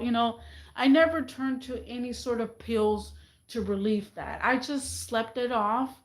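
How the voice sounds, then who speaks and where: A woman vlogging in a casual, rambling monologue, chatty and animated, often mimicking other people's voices. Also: a little high, normal speed, roomy sound, low-quality recording.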